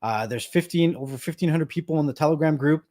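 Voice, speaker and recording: Fast and dark-toned with a fairly high pitch, a Canadian man in his thirties chats on his live stream. He tells stories with a laugh, laughs often, and tends to repeat words.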